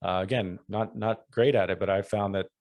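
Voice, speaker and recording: A man's voice: lowish voice, fairly even intonation, fairly quick, darkish tone, no echo. A man speaking as a guest in a casual interview, reflective and modest, with easy laughter. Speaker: podcast guest.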